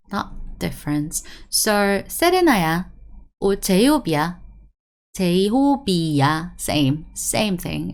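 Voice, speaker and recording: A woman's voice: fairly low pitch, creaky. A young woman teaching an online language lesson, drilling words by repetition and checking in with "right?" as she explains. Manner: animated, drills words by repeating them, asks "right?" often.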